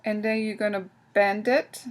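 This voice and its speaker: A woman's voice: medium pitch, flat delivery, moderate pace, background noise. Casual woman demonstrating a craft. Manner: casual, talks while working, frequent restarts. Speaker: craft tutorial host.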